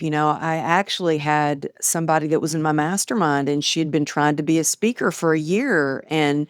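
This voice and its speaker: Lively woman telling stories, dry sound. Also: low-pitched, no echo. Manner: animated, acts out quoted dialogue. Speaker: podcast guest, author. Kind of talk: casual storytelling interview.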